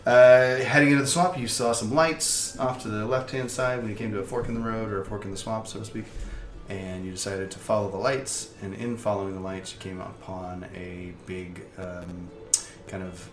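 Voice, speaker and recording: A man's voice: on the low side, steady tone, moderate pace. A man narrating as game master, recapping with playful, frequent laughter. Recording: roomy echo.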